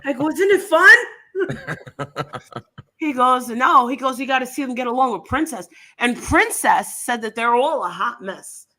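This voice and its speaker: A woman chatting casually and telling a story, swearing freely, laughing often and dropping her voice low to quote someone else. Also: sing-song, measured pace, pushed and bright. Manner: profane, laughing storyteller, quotes others in a lowered voice.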